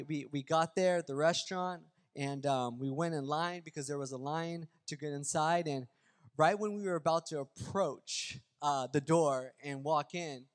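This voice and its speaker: A man pastor who prays quietly, then tells a story and preaches with growing force. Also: fairly high pitch, in a large hall. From Southern California. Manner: storytelling, acts out dialogue. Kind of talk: sermon.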